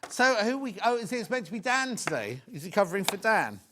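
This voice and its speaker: A man's voice: high-pitched, big pitch swings, quick pace, background noise. A middle-aged man presenting a live TV sales show, chatting in rambling, joking asides between prices. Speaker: shopping channel presenter.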